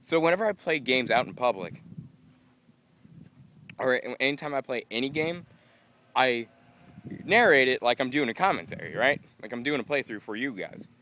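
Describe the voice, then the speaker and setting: A tired young man rambling goofily to a handheld camera outdoors in a casual vlog, breaking into excited yelps. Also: mid-range voice, moderate pace, pauses often, slight background noise. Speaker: vlogger.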